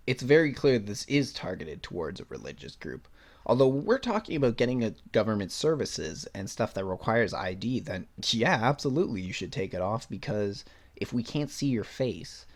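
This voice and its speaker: A young man hosting a solo podcast, reading news items aloud and breaking off into blunt, sarcastic rants with swearing. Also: lowish voice. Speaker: podcast host.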